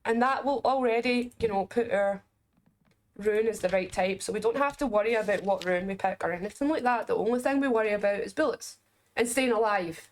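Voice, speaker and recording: A woman with a Scottish accent giving casual gameplay commentary as a game reviewer, chatty and explaining as she plays, with quick asides and jokes. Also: medium pitch.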